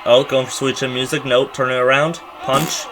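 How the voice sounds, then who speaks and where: A man's voice: medium pitch, flat delivery, normal speed. A man co-hosting a podcast, chatting casually and teasing his co-host while giving play-by-play asides as they watch. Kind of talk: casual watch-along chat. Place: at home.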